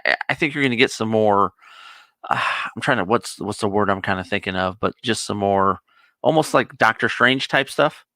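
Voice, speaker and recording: Man, co-host, casual review chat, eager rambling recap, tense bright voice. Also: fairly low pitch, moderate pace, dry recording. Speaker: co-host of a nerd review show.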